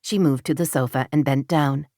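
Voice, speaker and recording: Woman, audiobook narrator, low deep voice, steady even narration, dry close sound. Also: moderate pace, no room sound. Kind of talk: scripted narration.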